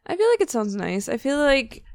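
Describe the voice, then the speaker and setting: A woman chatting casually on a podcast with an even, controlled delivery. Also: sits high, normal speed, a crowd in the background. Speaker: podcast player. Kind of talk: casual chat.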